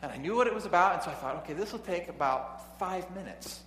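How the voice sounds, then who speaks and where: A man's voice: high voice, expressive, fast, fairly bright tone. A man preaching a sermon, reading scripture and then telling a classroom story in a conversational way, with chuckling asides and frequent restarts. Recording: echoey hall with faint hum.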